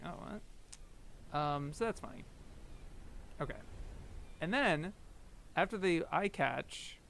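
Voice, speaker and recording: Young male streamer, high voice with gravel, loose rambling commentary. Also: fairly bright tone. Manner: rambling, laughs often, briefly mimics characters. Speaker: streamer comparing anime episodes. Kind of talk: casual commentary.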